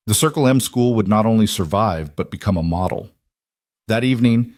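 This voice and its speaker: A man with a low voice reads a scripted story in a steady, even manner. The sound is close and dry, with no room around it. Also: no echo. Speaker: narrator.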